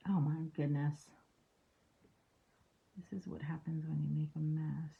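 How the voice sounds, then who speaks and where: A woman's voice: deep voice, level tone, a little slow, gravelly. A woman hosting a painting livestream, chatting with viewers and murmuring to herself as she works. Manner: chatty, drops to murmured whispers while working. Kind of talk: casual chat while painting. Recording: dull lo-fi sound with faint hiss.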